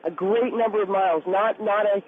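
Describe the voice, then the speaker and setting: A woman's voice: medium pitch, a little fast. Woman caller on a tinny phone line. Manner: calm, patiently explaining.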